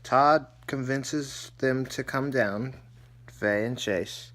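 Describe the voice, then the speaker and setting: Slow, rambling male vlogger. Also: medium pitch, a bit bright. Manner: rambling, with frequent fillers and restarts. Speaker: vlogger reacting to a TV episode. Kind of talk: casual episode recap.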